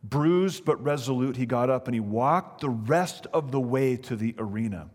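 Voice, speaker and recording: A male preacher tells a story in an animated way, often turning to speak directly to his listeners. His voice sits at a middle pitch. A long reverb hangs behind him, as in a large hall. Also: normal speed. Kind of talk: sermon storytelling.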